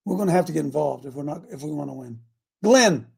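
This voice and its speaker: A male talk show host exhorting listeners in a fiery, preaching style, swinging from shouts to quiet asides. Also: fairly high pitch, lively intonation, fast, gravelly, breathy edge.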